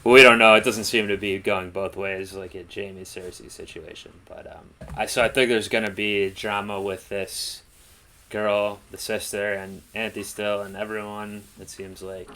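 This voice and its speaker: A man's voice: on the low side, flat delivery, unhurried, bright, forceful tone. A man co-hosting a reaction show, chatting casually in a rambling, laid-back way with lots of fillers. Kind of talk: casual chat.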